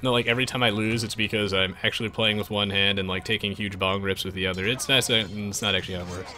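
A man's voice: fairly low pitch, fairly even intonation, fast, bright, forceful tone, faint music behind. A man giving playful, jokey commentary while live-streaming a strategy game, chatting with viewers. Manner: playful, jokey, bursts into silly voices. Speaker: gaming streamer.

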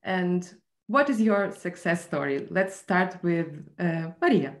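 A woman moderating an online panel, asking the guests questions in a measured way. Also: lowish voice, animated. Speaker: interview host. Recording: roomy echo.

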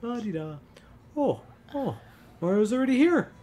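A man putting on a high, sing-song voice for a fussy character who dotes on a giant egg in a video game. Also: very animated, normal speed, dark tone, a little hiss or hum. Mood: doting, sing-song. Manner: chirpy, sing-song, doting. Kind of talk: playful character voice during a game playthrough.

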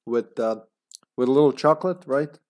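A man's voice: mid-range voice, darkish tone. Chatty man streaming a game. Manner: chatty, laughs often, tired but talking fast. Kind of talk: casual live-stream commentary.

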